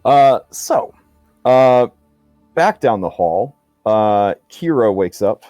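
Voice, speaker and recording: A man's voice: lowish voice, expressive, takes it slowly, dark tone, no room sound, clean studio sound, faint music behind. A man running a tabletop game as game master, narrating in a chatty way full of fillers and jokey asides.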